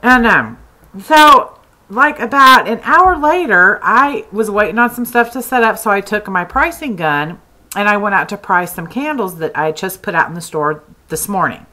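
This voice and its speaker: A woman's voice: medium pitch, normal speed, low-quality recording. A woman from Texas, chatting casually as she tells a story about her candle shop. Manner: chatty, animated retelling with many "like"s.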